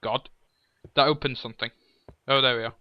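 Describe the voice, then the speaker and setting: A man's voice: mid-range voice, fairly even intonation, fairly quick, no room sound, muffled recording. A man chatting casually while playing a game with a friend, reading game text aloud and laughing often. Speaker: gamer. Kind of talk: casual let's play chat.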